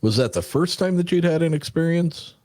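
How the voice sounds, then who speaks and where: A man's voice: fairly high pitch, animated, brisk, darkish tone, dry recording. A man hosting a podcast, asking questions in a hesitant way with repeated words. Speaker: podcast host. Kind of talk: interview questions.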